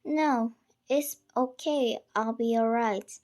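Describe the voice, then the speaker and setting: A frightened, grieving schoolgirl pleads in hushed, sometimes whispered words, as a woman reads her part from a novel. The voice is slightly high and the pace is slow. It keeps the quiet feel of a book being read aloud. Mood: pleading.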